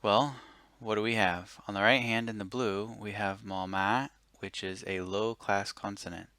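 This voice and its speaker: Low-voiced man explaining a lesson, dry and close. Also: moderate pace, dry recording. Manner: relaxed, explains step by step with self-corrections. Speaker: language teacher.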